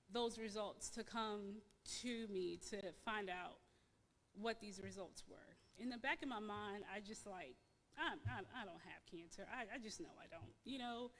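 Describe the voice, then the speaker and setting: A woman giving a personal testimony in church, halting and emotional, repeating words with many fillers. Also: mid-range voice, fairly bright tone, big-room sound. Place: church sanctuary.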